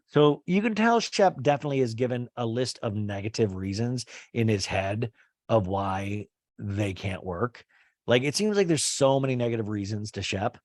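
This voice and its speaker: A man's voice: mid-range voice, expressive, normal speed, no echo, studio quality. A man hosting a podcast, recapping a reality show in a chatty, rambling way full of asides. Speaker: podcast host. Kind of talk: casual TV recap.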